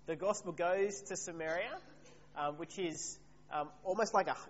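A man preaches in a relaxed, conversational way, stopping to put questions to his listeners. His voice sits a little high. The recording has long hall reverb, a slightly muffled tone and a faint hum underneath. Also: moderate pace. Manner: conversational, asks the congregation questions. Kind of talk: sermon.

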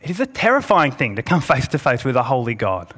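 A man preaching a sermon, earnest, slowing down to press each point and reading passages aloud. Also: medium pitch, sing-song, a bit bright. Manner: earnest, slows for emphasis and reads scripture aloud.

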